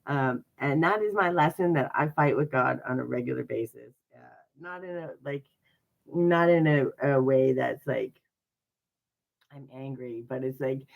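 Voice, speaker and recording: During a casual livestream, a spiritual card reader gives a reading in a medium-pitched, gravelly voice on a muffled recording. The tone is chatty and upbeat, sprinkled with sarcastic, self-deprecating asides.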